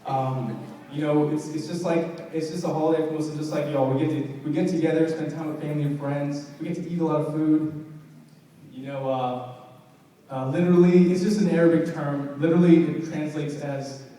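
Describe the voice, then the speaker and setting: A man's voice: on the high side, fairly even intonation, dark tone, far from the mic, a little hiss or hum. Young man doing stand-up in an echoey hall. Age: young adult. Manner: conversational, self-deprecating, halting with fillers. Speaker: stand-up comedian. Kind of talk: stand-up comedy. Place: large hall, live show.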